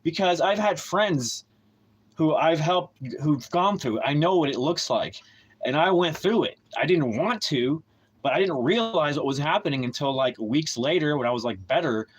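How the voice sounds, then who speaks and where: A man's voice: a little high, animated, moderate pace, husky, poor audio. Profane, heated man ranting on a livestream. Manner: heated, profane, rambling with many restarts; bitter and aggrieved. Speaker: livestream host.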